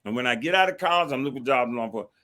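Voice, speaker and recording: An older man from Washington, D.C., a retired marshal who is a guest on the show, telling a personal story in a lively way and acting out the dialogue he quotes. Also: mid-range voice, very fast. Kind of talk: storytelling interview.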